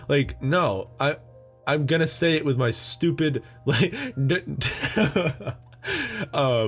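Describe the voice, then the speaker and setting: A young man with an American accent hosts a solo podcast, talking at an unhurried, drawn-out pace. He rambles and jokes with plenty of fillers and little laughs. Faint music sits underneath. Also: medium pitch. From United States. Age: young adult. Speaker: podcast host. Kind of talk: solo casual chat.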